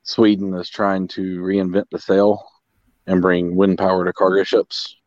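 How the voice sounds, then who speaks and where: Man, very low voice, loose podcast chat full of restarts, dry muffled line. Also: flat delivery, unhurried, a little mellow, dry recording. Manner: rambling, many restarts and fillers. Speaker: podcast co-host. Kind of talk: casual chat. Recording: dull, lo-fi sound.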